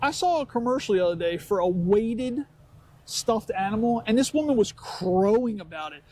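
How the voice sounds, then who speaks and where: A man's voice: high voice, lively intonation, moderate pace, a little mellow. A man co-hosting a casual chat podcast, ranting sarcastically about everyday annoyances. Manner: sarcastic complaining rant with put-on mocking voices. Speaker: podcast co-host.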